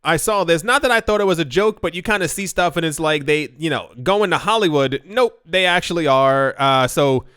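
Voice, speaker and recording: A man's voice: fairly high pitch, animated, normal speed, few pauses, a bit bright, clear, resonant tone, no room sound, studio quality. A man hosting a casual crypto news video, rambling into asides and self-deprecating jokes.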